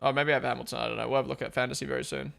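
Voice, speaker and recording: A man's voice: medium pitch, flat delivery, very fast, creaky, fairly bright tone. A young man with a mixed Australian and New Zealand accent, hosting a live watch-along stream in casual, sweary chat, answering his viewers. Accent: Australian-New Zealand blend. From born in Australia, raised in New Zealand.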